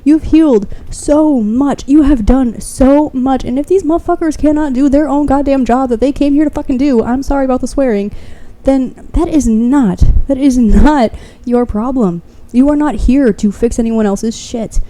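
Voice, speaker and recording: A woman's voice: high voice, normal speed, mellow. Fiery, foul-mouthed woman tarot reader. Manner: blunt and fervent, swears freely; encouraging, speaks straight to the listener. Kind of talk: pick-a-card tarot reading to the viewer.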